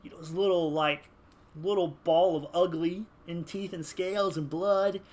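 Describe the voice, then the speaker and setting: A gaming video creator with a high-sitting voice chats casually at normal speed while building a game character. He's animated and rambling, packing his talk with fillers.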